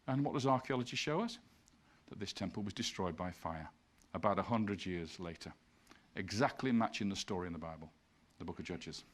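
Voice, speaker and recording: A man's voice: low voice, expressive, fairly quick. A man giving an illustrated lecture, explaining slides point by point and reading passages aloud. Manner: reads scripture passages aloud.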